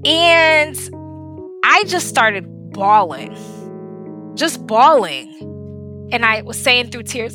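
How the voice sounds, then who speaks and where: A woman guest telling a personal story, emotional and animated as she retells it. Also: a little high, takes it slowly, long pauses, faint music behind.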